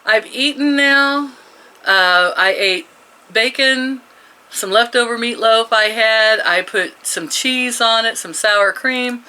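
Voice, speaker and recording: Bright-voiced woman in her sixties rambling. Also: a little high, takes it slowly, smooth, low-quality recording. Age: 60s. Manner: rambling, chuckling often. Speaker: vlogger. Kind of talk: casual chat.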